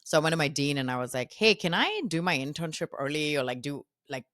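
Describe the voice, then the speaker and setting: Low-voiced woman, animated storyteller. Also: fast, no echo, studio quality. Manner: animated, quotes herself and others in lively voices. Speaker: podcast guest, founder. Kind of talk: casual storytelling interview.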